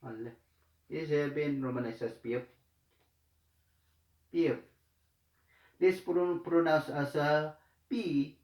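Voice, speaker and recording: A man teaching a language lesson in a slow, halting way, with many fillers and repeated words. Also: fairly high pitch, fairly even intonation, a little mellow. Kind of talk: slow hesitant tutorial explanation. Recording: echoey room.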